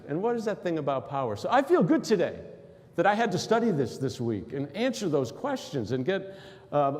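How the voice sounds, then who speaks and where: Animated male pastor in echoing hall. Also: a little high. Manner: questioning, animated preaching with acted quotes. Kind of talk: sermon. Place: church sanctuary. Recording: long hall reverb.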